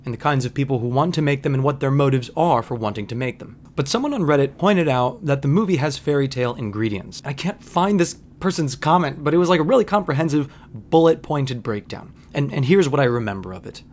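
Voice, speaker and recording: A man's voice: mid-range voice, animated, a little fast, few pauses, a little mellow, slight background noise. A man hosting a podcast, giving a wry, conversational film commentary monologue with frequent asides. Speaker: podcast host.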